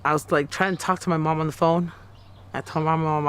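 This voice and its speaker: A woman in her thirties tells her own story to a news interviewer, stumbling and repeating herself as she acts out what she said. Her voice is smooth and clear. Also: low-pitched, steady tone. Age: 30s. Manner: halting and repetitive, often acting out her own quoted words. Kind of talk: personal account in a news interview.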